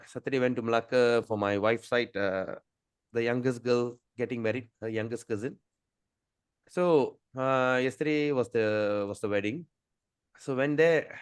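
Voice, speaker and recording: A middle-aged man leads a scripture class over a video call. His voice sits at an ordinary pitch and sounds dry and close. He tells stories at length, repeating words and restarting phrases. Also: clear, resonant tone, no echo. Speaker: spiritual teacher.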